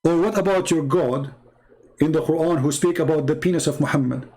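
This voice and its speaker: A man with a slightly high-pitched voice hosts a live debate stream in a combative, mocking way. He speaks non-native English with loose grammar and answers viewer comments by hammering home one rhetorical question after another. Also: brisk, darkish tone, rough recording.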